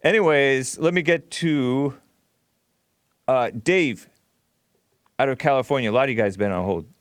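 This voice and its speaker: A man's voice: medium pitch, a little slow, no echo. A man hosting a call-in talk show, chatting easily and laughing now and then. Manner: easygoing, chatty, laughs often. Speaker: radio talk show host.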